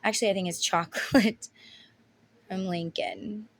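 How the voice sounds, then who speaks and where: A woman's voice: mid-range voice, fairly even intonation, a little slow, vocal fry, a little hiss or hum. A woman in her thirties giving a casual tarot reading, talking bluntly and emotionally and swearing freely. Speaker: tarot reader.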